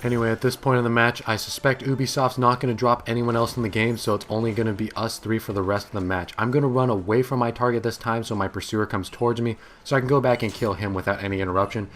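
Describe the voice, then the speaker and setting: A man's voice: medium pitch, steady tone, quick pace, few pauses, a bit bright, slight background noise. A young man giving amused, sarcastic voice-over commentary on his own video game match, recorded in a home office. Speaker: gaming commentator.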